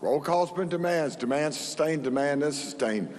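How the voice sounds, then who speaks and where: A man's voice: fairly high pitch, animated, moderate pace. A man presiding over a legislative session, calling votes and recognizing speakers in a formal, procedural way. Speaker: presiding officer. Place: legislative chamber. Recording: echoey chamber with faint room noise.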